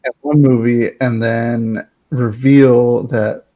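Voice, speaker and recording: A man co-hosting a casual pop-culture podcast, chiming in with jokes and quick bits. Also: mid-range voice, fairly even intonation, dark tone. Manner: joking, chimes in with quick bits. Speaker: podcast co-host.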